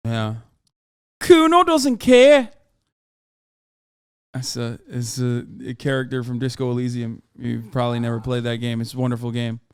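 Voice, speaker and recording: A man's voice: mid-range voice, monotone, a little fast, hardly any pauses, a little mellow, clear, resonant tone, dry recording, studio quality. A man hosting a stream, chatting casually and joking with many fillers. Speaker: streamer and host. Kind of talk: casual chat reacting on stream.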